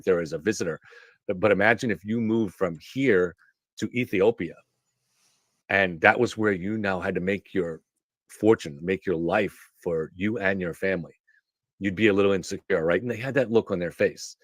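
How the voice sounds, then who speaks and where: A man with a lowish voice rambles through a story on a live stream, restarting sentences and drifting into asides. The sound is close and dry, with no room echo. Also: normal speed. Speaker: show host. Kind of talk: casual monologue on a live stream.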